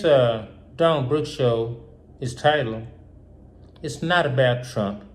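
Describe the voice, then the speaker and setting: A man's voice: medium pitch, a little mellow. A man hosting his own show, talking through an emotional political monologue that is full of repetition and rhetorical questions. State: upset. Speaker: host.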